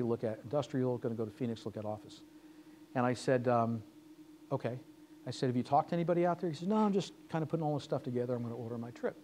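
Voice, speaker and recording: A man's voice: medium pitch, darkish tone, a little hiss or hum. A man giving a lecture as guest speaker, telling business anecdotes and acting out the dialogue. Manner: storytelling, acting out quoted dialogue. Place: lecture hall.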